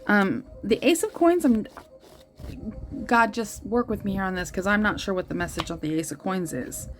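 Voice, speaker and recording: A woman's voice: mid-range voice, normal speed. A woman giving a tarot reading to her viewers, earnest and reassuring, thinking aloud as she lays out the cards. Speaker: tarot reader.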